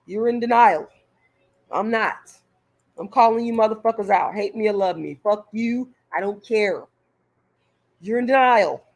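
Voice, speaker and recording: A woman's voice: medium pitch, unhurried, pauses often. A woman vlogger delivering a heated, profane rant straight to her viewers, stumbling over repeated words as she pushes her point. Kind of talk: direct-to-camera rant.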